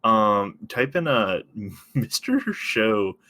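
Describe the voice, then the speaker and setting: A man with a fairly low, bright and forceful voice chats casually on a podcast. He laughs often, swears freely and talks in loose, easygoing runs. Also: expressive, drawn-out words. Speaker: podcast co-host.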